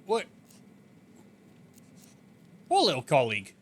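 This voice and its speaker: A man's voice: on the high side, huge pitch swings, slow, slight background noise. Guy streaming a game, jokey and disbelieving, voice bounces around a lot. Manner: joking, incredulous, laughs often. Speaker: streamer playing a video game. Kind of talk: casual gameplay commentary.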